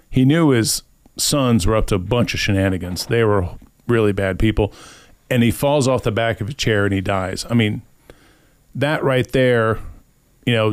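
Speaking on the low side with no echo, this man hosts a podcast and loosely recounts a story from scripture. He is a lively storyteller who performs the characters' quoted lines in their own voices.

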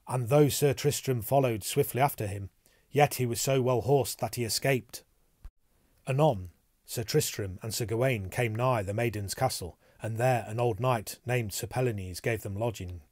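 The audiobook is read by a man at medium pitch in a measured, even storytelling manner, recorded dry at studio quality.

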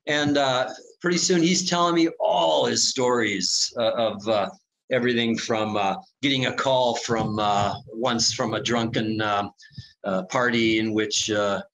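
A man in his sixties recounting his reporting days as a guest on an interview show. His pitch sits in the middle for a man. He tells the story with lively energy, hesitates with frequent fillers, and slips into the voices of the people in it. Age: 60s. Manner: animated, acts out quoted voices, many filler pauses. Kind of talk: casual anecdotal storytelling.

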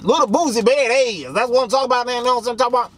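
A man's voice: extremely high pitch, racing, slight background noise, voice pushed up. A man doing a swaggering rapper impression. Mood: hyped. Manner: boastful, slangy hype talk.

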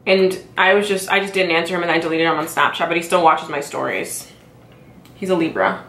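A woman's voice: on the low side, fairly quick, fairly bright tone. A young woman vlogging a casual mukbang, ranting in a chatty, exasperated way full of fillers while eating and chewing at her table at home. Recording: echoey room.

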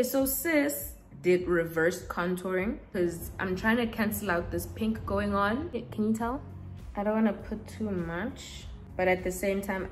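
Chatty young woman. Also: mid-range voice. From South Africa. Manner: chatty and animated, acts out quotes. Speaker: beauty vlogger. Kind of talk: casual storytelling chat.

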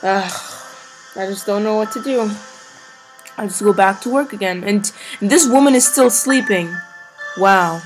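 A young woman commenting on a video game she is playing, chatty and swinging between loud outbursts and low mumbles. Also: a little slow. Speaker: let's play gamer. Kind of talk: let's play commentary. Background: faint game music.

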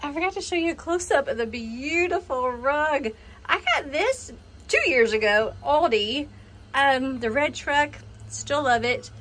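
A woman with a slightly high voice walks her phone camera around her front porch in a casual home decor walkthrough. She is chatty and upbeat, laughing often and letting excited squeals slip out. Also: a little slow. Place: outdoors on a front porch and yard.

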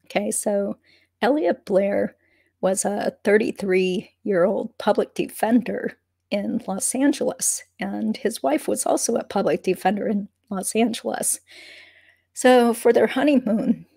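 A woman lawyer talks through legal news on her vlog, hoarse, with a gravelly, husky edge to her voice. Her tone sits dark and mellow, and the sound is dry and close. She speaks in an easy, conversational way, full of fillers and asides. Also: medium pitch, no room sound. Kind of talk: casual legal commentary vlog.

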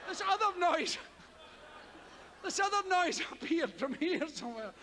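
A Scottish man performs stand-up in a large theater, his high voice leaping around as he spins a profane story at an unhurried pace. He breaks into sudden yelps and howls to act out the tale. The sound carries a long hall reverb over a steady hum of audience. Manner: animated, profane, loud vocal sound effects. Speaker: stand-up comedian. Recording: live hall with audience ambience.

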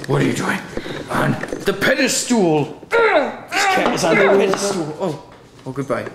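A man's voice: sits high, huge pitch swings, roomy sound, a loud crowd. A man producing a studio recording session, teasing the singer and laughing a lot. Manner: teasing, giggly, quick to laugh. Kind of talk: studio session direction and banter.

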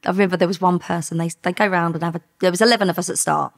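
A middle-aged woman, a former undercover police officer, telling lively stories in a podcast interview and acting out the dialogue. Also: lowish voice, very fast, vocal fry. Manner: lively anecdotes with quoted dialogue, frequent laughs.

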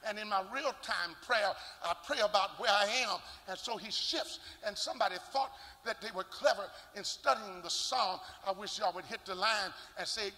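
An older man, a bishop, preaching a sermon with shouting, rhythmic sing-song delivery and call-and-response. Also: high voice. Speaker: bishop and pastor. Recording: long church reverb.

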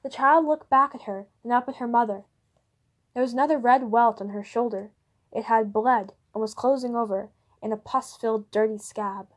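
Woman narrating a storybook, fairly high voice. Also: normal speed. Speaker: audiobook reader.

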